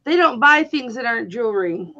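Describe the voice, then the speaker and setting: High-pitched bossy woman on a live stream, blunt and teasing, muffled lo-fi audio. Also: animated, a little fast, pushed and bright. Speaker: host. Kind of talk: casual live-stream chat.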